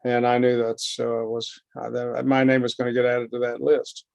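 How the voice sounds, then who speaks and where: Man telling his own recovery story at a lecture, gravelly voice, close dry sound, slow and heartfelt. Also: mid-range voice, completely flat delivery, a little mellow, no echo. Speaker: guest speaker. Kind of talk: personal recovery testimony. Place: lecture hall.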